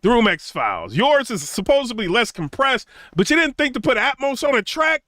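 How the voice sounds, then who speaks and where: Animated young man telling a story. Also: fairly quick, dry recording. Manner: conversational, many fillers like "you know" and "right?"; acts out quotes of others in a raised, mocking pitch. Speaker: tech channel host.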